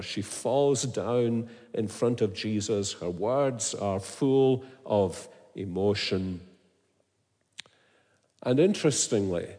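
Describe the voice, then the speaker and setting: A man's voice: lowish voice, darkish tone. A man preaching an expository sermon, earnest and emphatic, asking his listeners questions. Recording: long hall reverb.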